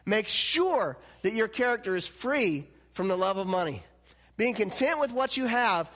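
A man preaching a sermon as pastor, animated and swinging between loud, emphatic lines and hushed, quiet ones. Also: high voice, moderate pace. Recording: long hall reverb.

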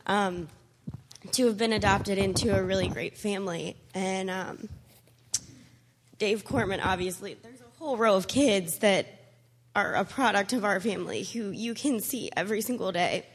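Husky, tearful young woman. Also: mid-range voice, moderate pace. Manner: emotional, close to tears. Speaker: church member sharing a testimony. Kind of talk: personal testimony.

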